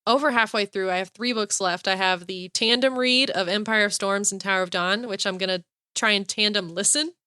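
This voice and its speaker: A woman's voice: medium pitch, brisk, few pauses, bright, forceful tone, smooth, no room sound, studio quality. A woman co-hosting a podcast, chatting casually and gushing about books with lots of "like" fillers. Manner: bubbly, gushing, many fillers like "like". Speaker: podcast co-host. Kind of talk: casual chat.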